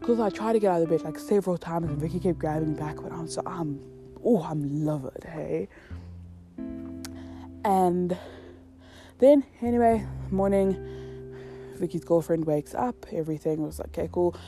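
A woman's voice: on the low side, normal speed, pauses often. A young woman telling a casual storytime to her viewers, swearing a lot and acting out the quotes. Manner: heavy swearing, animated storytelling with acted quotes. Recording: music playing behind.

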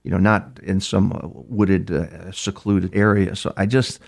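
A man's voice: low voice, fairly even intonation, unhurried, creaky. An older man, a criminal profiler, telling long anecdotes in an interview, with frequent restarts. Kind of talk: interview storytelling.

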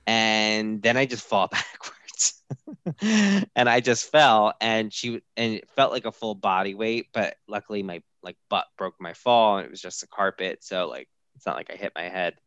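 A man with a lowish voice tells a story on a podcast, animated and quick to act out the voices of the people in it. His voice is recorded dry and close, with no room sound around it. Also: smooth, no room sound, muffled recording. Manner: animated, acts out quoted voices. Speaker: podcast co-host. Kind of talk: casual storytelling chat.

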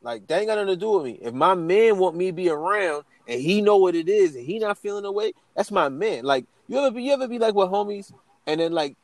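A man's voice: high-pitched, expressive, fast, no echo. A man co-hosting a podcast in casual chat, slangy, with stammering restarts. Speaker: podcast co-host.

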